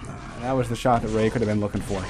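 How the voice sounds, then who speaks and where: A man's voice: on the low side, fairly even intonation, quick pace, darkish tone, slight background noise. A man casting a live video game match with play-by-play commentary, jokey and prone to rambling tangents. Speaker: esports caster.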